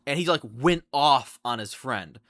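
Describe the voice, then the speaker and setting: A young man telling a storytime vlog in an animated, incredulous way, often restarting his sentences. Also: mid-range voice, a little slow, no echo. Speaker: vlogger.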